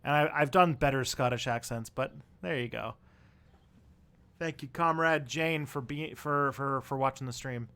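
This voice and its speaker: A man's voice: mid-range voice, moderate pace, sharp tone, clean tone. A man hosting a casual live stream, chatting in a rambling, easygoing way to his viewers. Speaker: livestream host.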